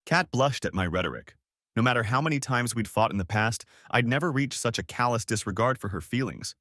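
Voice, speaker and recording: A man's voice: medium pitch, expressive, brisk, sharp tone, no echo, studio quality. A man narrating a first-person revenge story in a dramatic, sarcastic storytelling manner. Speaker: audiobook narrator.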